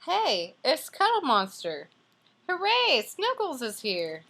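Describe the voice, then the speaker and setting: A woman's voice: mid-range voice, steady tone, takes it slowly, a bit bright, pitched above the performer's own voice. A woman voicing a crowd of eager, cuddle-hungry woodland bunnies, reading them in a gushing, squealing way. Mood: gleeful.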